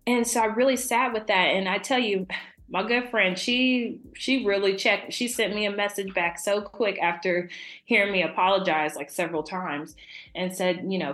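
A young adult woman, a podcast guest, talking casually and warmly about faith and laughing often. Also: mid-range voice, moderate pace, roomy sound. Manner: warm, chatty, laughs often.

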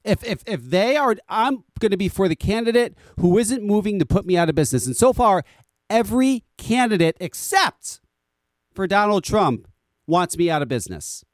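A man's voice: sits high, very animated, normal speed, dry recording, clean studio sound. An American man hosting a podcast, ranting casually with frequent swearing and repeated words. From United States. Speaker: podcast host.

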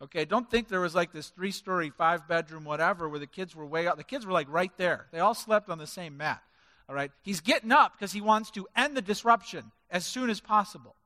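High-voiced, emphatic male preacher. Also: brisk, sharp tone. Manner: emphatic, drives points home with stacked word lists. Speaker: pastor. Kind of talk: sermon. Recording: reverberant hall.

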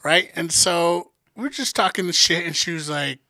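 A man with a high, gravelly voice tells a crude story in casual podcast chat. His tone is bright and edgy, the sound close and dry, and he keeps slipping into the voices of the people he quotes. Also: unhurried, no room sound. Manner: profane, animated, acts out quoted dialogue. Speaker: podcast co-host.

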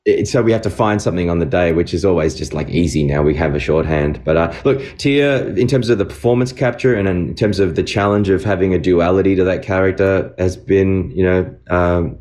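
A man's voice: low voice, fairly quick, hardly any pauses. A man in his forties from Australia, a voice actor chatting animatedly about his work in an interview. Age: 40s. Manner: chatty, animated, with frequent restarts. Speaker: voice actor guest. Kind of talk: casual interview chat.

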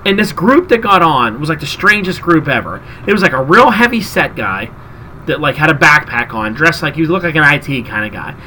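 A man's voice: a little high, brisk, slight background noise, low-quality recording. A man hosting a podcast, telling a story in casual chat and acting out the people in it. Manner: animated storyteller, acts out quotes. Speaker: podcast host.

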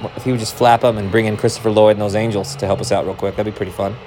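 A man casually commenting on a baseball game as he watches, rambling, joking and swearing, with sudden excited outbursts. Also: on the low side, racing, slight background noise. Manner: rambling, profane, jokey, prone to excited outbursts. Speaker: baseball watch-along streamer.

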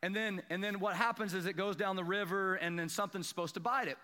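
A man preaching a sermon, telling a self-deprecating fishing story and building to excited emphasis. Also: sits high, fast talker, big-room sound. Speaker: pastor. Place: church sanctuary.

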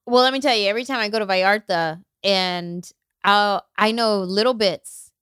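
A woman who is a comedian, guesting on a podcast and chatting in an animated way, acting out the voices in her stories. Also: mid-range voice, normal speed, smooth, no echo, clean studio sound. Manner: animated, acts out quoted voices. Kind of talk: casual interview chat.

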